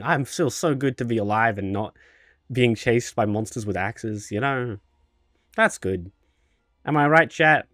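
A man's voice: medium pitch, measured pace, fairly bright tone, no room sound, clean studio sound. A man streaming a video game with casual commentary, joking, cocky and swearing.

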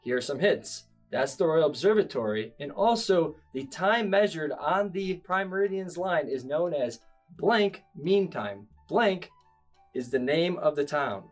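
A man's voice: fairly high pitch, lively intonation, a little slow, soft background music. A man putting on an exaggerated mock cockney London accent to play a blustering quizmaster. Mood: brash.

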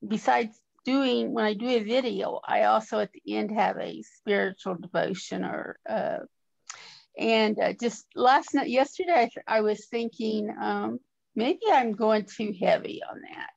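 A woman sharing in a Bible study group, earnest and encouraging, pausing often with fillers. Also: medium pitch, creaky, muffled recording.

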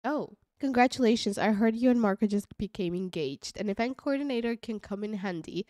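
A woman's voice: mid-range voice, darkish tone, no echo, clean studio sound. A woman giving casual, chatty gameplay commentary, gushing and giggling as she goes. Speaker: let's play creator.

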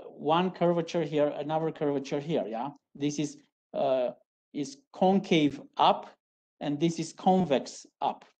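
A woman delivers a university lecture in a low, mellow voice at an unhurried pace. She halts and restarts often, tags her phrases with a questioning "yeah?" and repeats each key term. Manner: halting, with frequent restarts and fillers. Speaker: geology lecturer.

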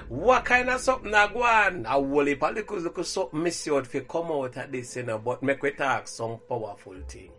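A man speaking loudly in patois. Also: fairly high pitch, animated, fairly quick.

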